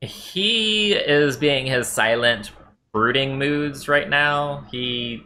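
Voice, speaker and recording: A man serving as game master, narrating a tabletop game in a relaxed, chuckling way with many fillers. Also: mid-range voice, extremely slow, slight background noise.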